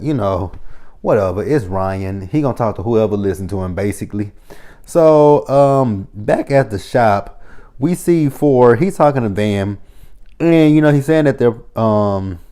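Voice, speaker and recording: A man's voice: on the low side, dark tone. A young man giving a blunt, profane, mocking recap of a reality TV episode as a show reviewer.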